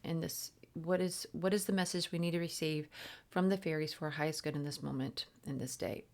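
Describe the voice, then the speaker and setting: A woman reading an oracle card and leading a casual guided breathing meditation, speaking softly and unhurriedly with frequent ums and restarts. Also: sits low, steady tone, a little fast.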